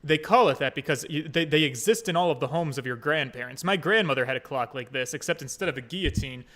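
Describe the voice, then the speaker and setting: A man's voice: a little high, quick pace, fairly bright tone. A man streaming a story game, commenting casually in a crude, joking way.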